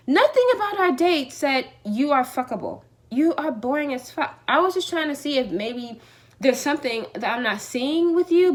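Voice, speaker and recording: A young woman in her twenties speaks in a high, bright voice to a camera held close at home. Her pitch leaps up and down as she acts out each side of the exchange, with plenty of swearing in a casual storytime vlog. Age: 20s. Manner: animated, acts out both sides of the exchange, swears freely. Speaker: vlogger. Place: home, in the evening. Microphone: phone or camera held close.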